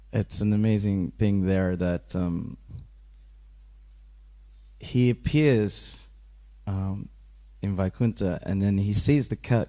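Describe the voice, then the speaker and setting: A man giving a casual scripture class in a temple, telling a story with lots of laughter and acted-out voices. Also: fairly low pitch. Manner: animated storyteller, laughs often, acts out quoted voices.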